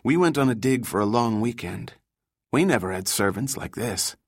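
A man voicing a sharp, sarcastic young woman operative in an audiobook. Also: medium pitch, lively intonation, slightly rough, dry recording, studio quality. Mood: wry. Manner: sarcastic, quick quips.

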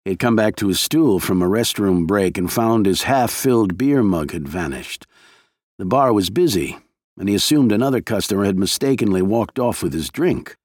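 Low-ish guy reading a thriller audiobook, steady pace, super dry recording. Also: fairly quick, no room sound. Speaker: audiobook narrator. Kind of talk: scripted thriller narration.

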